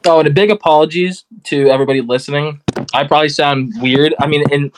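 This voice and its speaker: A man's voice: fairly high pitch, steady tone, fast, background noise. A man co-hosting a podcast in casual chat over his phone, joking and teasing the others. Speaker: podcast co-host.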